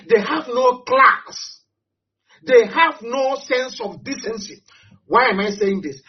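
A man with a Nigerian accent giving an impassioned address, hammering points with repetition and rhetorical questions. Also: sits high. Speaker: political speaker. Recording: dull lo-fi audio.

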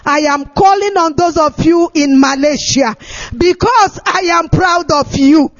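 High-voiced man shouting tearfully. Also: unhurried. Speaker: activist speaker. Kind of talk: impassioned political address. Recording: dull lo-fi recording.

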